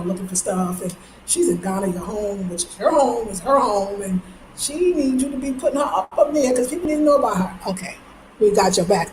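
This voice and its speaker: A woman's voice: medium pitch, a little mellow. A young woman with a New York accent, chatting on a casual livestream, reading comments aloud and laughing often. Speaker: livestream host. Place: home. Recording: echoey room, faint noise.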